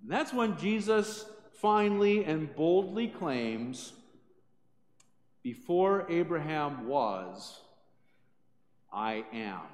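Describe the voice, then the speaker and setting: A man pastor preaching a sermon with animated storytelling. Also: high-pitched. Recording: echoey church hall.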